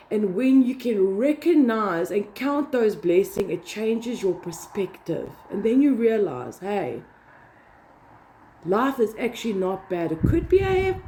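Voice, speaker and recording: A woman's voice: a little high, warm tone, a little hiss or hum. A woman giving a casual devotional talk, earnest and emphatic, repeating key words. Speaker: Christian vlogger.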